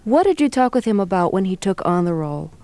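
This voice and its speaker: Woman radio host, smooth clear voice, curious questions, dry studio sound. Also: mid-range voice, sing-song, fast talker, mellow, no room sound. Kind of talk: radio interview.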